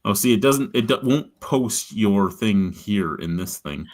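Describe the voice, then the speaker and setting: A man's voice: on the low side, lively intonation, measured pace, a little mellow. A middle-aged man hosting a beer review show, telling stories in a blunt, profane, rambling way. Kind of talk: casual storytelling chat.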